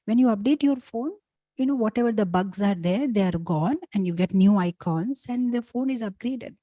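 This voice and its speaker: Animated woman giving a spiritual talk. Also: mid-range voice, normal speed, no room sound. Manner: animated, lots of "you know" fillers. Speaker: spiritual teacher.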